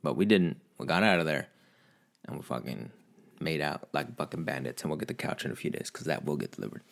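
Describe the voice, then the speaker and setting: A man's voice: rumbling low, expressive, quick pace, gravelly. A man telling a casual, rambling story as a vlogger, swearing a lot and poking fun at himself. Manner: rambling, heavy swearing, self-mocking.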